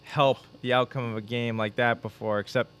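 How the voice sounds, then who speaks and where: A man's voice: mid-range voice, fairly even intonation, fairly quick, fairly bright tone, clean tone. A man on a podcast talking casually in a laid-back, agreeable way. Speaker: podcast co-host. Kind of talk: casual chat.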